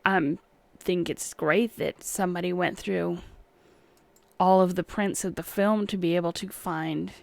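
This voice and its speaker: With no room sound around her, a livestream host in a lowish, gravelly voice chats about an old film at a measured pace and steady tone. Her manner is casual and wry, and she talks back to her viewers' chat.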